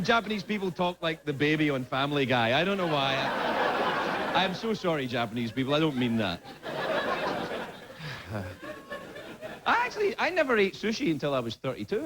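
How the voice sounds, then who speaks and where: A Scottish man, a late-night talk show host, delivering a rambling comedy monologue with lots of stammering restarts. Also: a little high. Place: TV studio. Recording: loud background noise.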